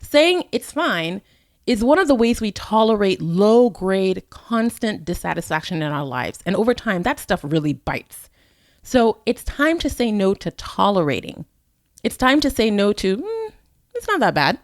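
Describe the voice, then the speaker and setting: A woman's voice: medium pitch, expressive, normal speed, no echo, clean studio sound. Earnest motivational woman podcaster. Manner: earnest, encouraging, direct address to listener. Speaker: podcast host. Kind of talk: motivational solo podcast talk.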